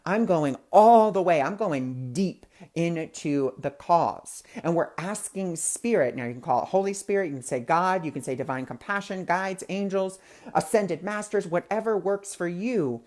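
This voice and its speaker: A man's voice: high voice, normal speed. A man hosting a spiritual talk show, telling personal stories in an earnest, conversational way and acting out the people he quotes. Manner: loose filler-heavy phrasing. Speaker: host of a spiritual discussion show. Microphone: webcam or phone mic, livestream.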